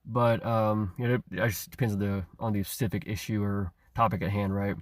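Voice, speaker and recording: A man's voice: lowish voice, fairly even intonation, fairly quick, no room sound, studio quality. A man delivering a rambling, profane rant, stammering and repeating himself, with chuckles between phrases. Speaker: online commentator. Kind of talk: ranting monologue.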